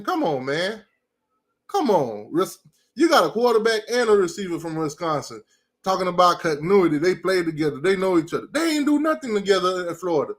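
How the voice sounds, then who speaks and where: A man's voice: high-pitched, big pitch swings, a little fast. A man giving a ranting college football commentary, trash-talking rival fans in a brash way and hammering the same jabs over and over.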